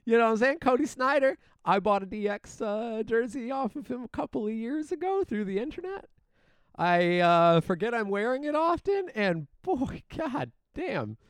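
A young man trades crude, laid-back podcast banter and drops "dude" into almost every line. His voice sits high and smooth. The close mic keeps it dry, with no room sound. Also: very animated, normal speed, no room sound. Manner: laid-back, swears often, says "dude" a lot. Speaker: podcast co-host.

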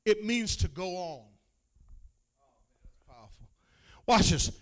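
A man with a very high voice preaches a sermon at an unhurried, deliberate pace. He calls out to the congregation and waits on their replies, climbing from quiet talk into shouted, half-sung lines. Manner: call-and-response preaching, rising to shouts. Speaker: pastor.

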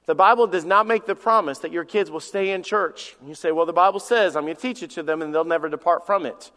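High-voiced pastor preaching in a hall. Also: male voice, fast talker, pushed and bright. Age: 40s. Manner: repeats words when starting sentences, storytelling. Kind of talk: sermon. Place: church sanctuary.

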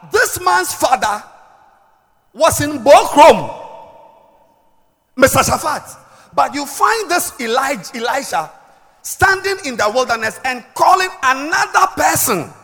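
A middle-aged woman delivers a sermon in a lively, very high voice that rises and falls widely. She lands her points with loud, shouted emphasis, then sinks into low, confiding asides. The sound carries a long echo from a large hall. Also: measured pace, pauses often. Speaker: preacher. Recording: echoey hall with long reverb.

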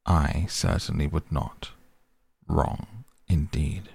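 A man's voice: a bass voice, slow, creaky, a little mellow, husky, no room sound, exaggerated voice. A man voicing a sly, unimpressed cat that talks in a dry, faintly mocking way.

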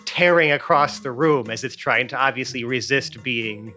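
A man's voice: medium pitch, normal speed, pushed and bright, faint music behind. A man running a tabletop game as game master, narrating casually with lots of "like" and fillers. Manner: casual, uses many fillers like "like".

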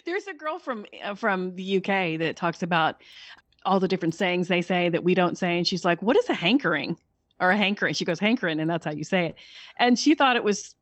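A middle-aged woman, a podcaster and author, chatting casually as a guest, blunt and quick to laugh. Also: fairly low pitch, expressive, dry recording. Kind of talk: casual chat.

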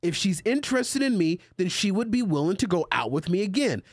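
A male podcast host in casual chat, animated and joking with his co-hosts as he reads out a listener letter. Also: sits high, fairly quick, dry recording, studio quality. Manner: animated, jokey banter with co-hosts.

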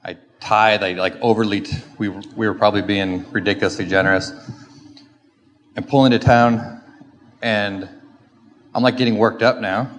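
A middle-aged man giving a lively personal testimony in church, acting out his own frustrated rants as he tells the story. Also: lowish voice, normal speed. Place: church sanctuary. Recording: echoey hall with faint background noise.

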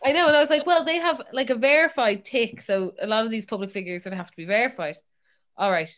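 Irish woman, young adult, podcast co-host, animated, lively pitch. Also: fast talker. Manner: animated storyteller, mimics her dad, laughs often. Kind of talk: casual chat.

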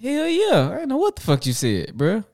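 A man in loose group chat who reacts in disbelief and curses freely. His voice sits fairly high and swoops all over in pitch. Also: wildly swooping pitch, normal speed, gravelly, a little mellow. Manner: incredulous, profane banter.

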